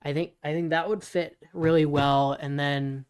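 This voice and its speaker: A podcast co-host talking casually, rambling and restarting while pitching story ideas. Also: fairly even intonation, moderate pace, clear, resonant tone. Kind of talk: casual brainstorming chat.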